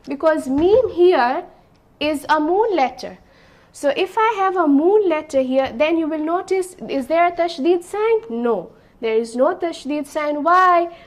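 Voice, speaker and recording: Slow, patient high-voiced woman teaching. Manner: patient, repeats and checks with "okay?". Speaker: Arabic teacher. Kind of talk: slow classroom explanation.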